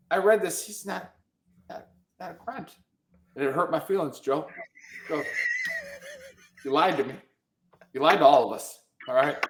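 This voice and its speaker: A man's voice: on the high side, reverberant. A man hosting a veterans' talk show, teasing his guests in rowdy, profane, joking banter. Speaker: podcast host. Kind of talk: rowdy casual chat.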